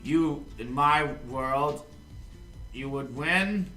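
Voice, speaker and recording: A man's voice: a little high, very slow, pushed and bright, reverberant, recorded from a distance, faint music behind, exaggerated voice. A man voicing a pompous, electric fish emperor villain in a posh British put-on voice, haughty and grand. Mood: dismissive.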